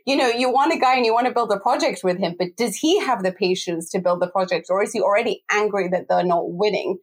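A woman hosting a football podcast discussion, talking fast and sounding exasperated, with frequent laughs. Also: mid-range voice, husky.

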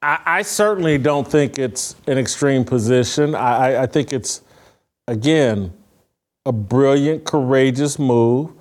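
A man's voice: mid-range voice, unhurried. A man hosting a political talk show, speaking fervently with frequent restarts. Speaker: podcast host.

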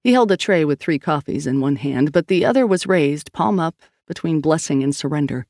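A woman's voice: deep voice, expressive, fairly quick, hardly any pauses, darkish tone, no echo, clean studio sound. A woman narrating a novel in clipped, terse scripted storytelling. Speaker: audiobook narrator.

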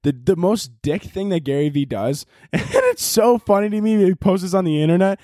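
A man hosts his podcast in a loose comedic monologue, rambling and swearing as he riffs. He laughs at his own jokes often, in a voice a little higher than usual. The sound is dry and close to the mic. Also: expressive, normal speed, dark tone, no echo. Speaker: podcast host.

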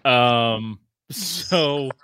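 Bright, profane, animated man. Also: medium pitch, very slow, clear, resonant tone, dry recording, studio quality. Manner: profane, animated storyteller, mimics others. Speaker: podcast co-host. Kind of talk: casual sports chat.

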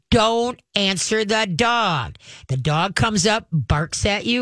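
A woman hosting a call-in pet radio show, telling stories and giving dog training advice in an animated, chatty way. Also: mid-range voice, unhurried, no room sound. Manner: animated, chatty storytelling with acted-out voices.

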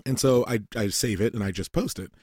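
Low-voiced man telling a profane story. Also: a little fast, husky, dry recording, clean studio sound. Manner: rambling storytelling, heavy swearing, animated quoted voices. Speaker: podcast host. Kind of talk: casual profane chat.

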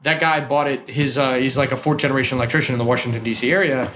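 A man talks quickly in a loose, chatty way, winding through long anecdotes and often circling back mid-sentence. His pitch sits in an ordinary middle range, and a faint hiss runs under the recording. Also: steady tone, fairly bright tone. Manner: rambling storyteller, trailing off and restarting. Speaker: bar owner and whiskey collector. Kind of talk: casual chat.

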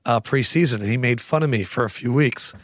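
A man hosting a casual sports chat in a studio office, talking quickly and playfully, laughing easily. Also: mid-range voice, no room sound. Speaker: host.

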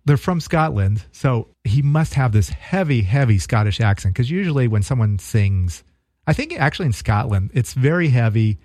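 Male co-host, casual halting chat, dry close mic. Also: mid-range voice, lively intonation, a little mellow, dry recording. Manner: rambling, halting, frequent fillers and laughs. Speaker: podcast co-host.

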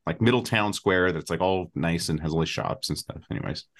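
A man's voice: low voice, brisk, vocal fry. A man hosting a casual chat, joking around, steering the talk and trailing off mid-sentence. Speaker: podcast host.

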